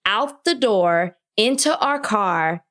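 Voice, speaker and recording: A woman's voice: mid-range voice, animated, slow, a bit bright. Chatty female podcast co-host. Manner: chatty, tells stories with quoted dialogue. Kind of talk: casual chat, personal anecdote.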